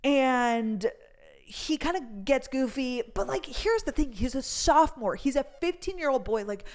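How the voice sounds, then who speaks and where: A woman's voice: high voice, animated, unhurried, darkish tone. A young woman hosting a podcast and telling a long story in casual chat, full of fillers and swearing. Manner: chatty, fills with "like", swears freely. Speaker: podcast host.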